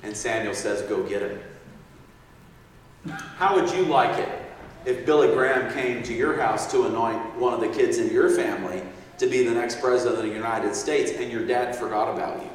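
Recorded from a distant mic in a large, echoey hall with a little hiss or hum, a man delivers a sermon at a brisk pace in a mid-range voice. He tells a story animatedly, acting out the quotes and frequently chuckling.

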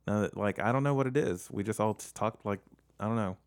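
Deep-voiced hesitant young man. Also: fast. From Southern United States. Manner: hesitant, self-deprecating, trails off a lot. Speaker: podcast co-host. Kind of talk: casual chat.

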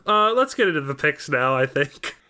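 A man's voice: on the high side, sing-song, moderate pace, pushed and bright, clean tone. A man co-hosting an esports podcast who leads the segment and teases his co-hosts in casual chat. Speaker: podcast co-host.

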